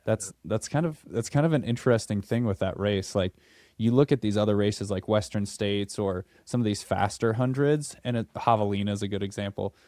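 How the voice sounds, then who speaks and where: A man hosting a podcast interview, chatting casually and laughing often with a relaxed, filler-heavy way of talking. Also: lowish voice, fairly quick, dry recording, studio quality. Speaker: podcast host.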